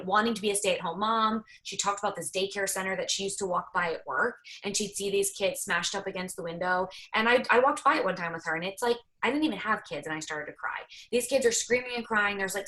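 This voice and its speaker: A woman in her thirties telling a candid, lively personal story on a team call, laughing along the way. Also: mid-range voice. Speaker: network marketing team leader.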